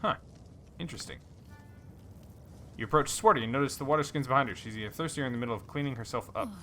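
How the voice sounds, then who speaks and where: A man plays through a story game and reads its dialogue aloud, casual and unscripted. He fills the gaps with ums and uhs and trips over a word now and then. His voice is bright and forceful at a middle pitch. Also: quick pace, a little hiss or hum. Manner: reads story text aloud with fillers and small slips. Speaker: let's play host.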